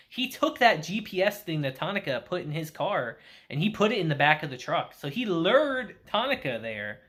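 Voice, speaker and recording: Male anime reviewer, casual and animated, with a lively pitch. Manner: animated storytelling with acted-out quotes. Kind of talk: casual episode recap.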